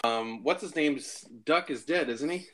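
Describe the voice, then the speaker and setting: A man's voice: a little high, a little slow, fairly bright tone. A man hosting a tabletop game podcast in casual banter with friends, laughing often and hesitating with many ums. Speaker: podcast host and player.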